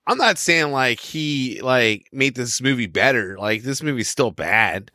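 A man's voice: medium pitch, expressive, a little slow, pushed and bright, dry recording, clean studio sound. A man co-hosting a podcast, reviewing a film in loose, rambling casual chat full of restarts.

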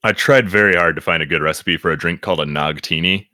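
A man chatting casually on a podcast, animated and quick to laugh, often restarting his sentences. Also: low voice, no room sound, clean studio sound. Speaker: podcast guest reading reviews.

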